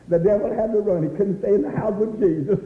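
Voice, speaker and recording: A man preaching a fervent revival sermon, crying out praise, repeating "my dear friend," and rising into shouts. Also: high-pitched. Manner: rises into shouts and slows for emphasis. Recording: dull, echoey hall recording.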